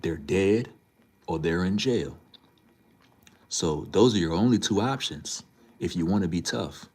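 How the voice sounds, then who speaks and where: A man's voice: fairly low pitch, darkish tone. A man livestreaming, talking casually and emphatically to his chat, repeating his points as he lectures the viewers. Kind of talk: casual live-stream talk to chat.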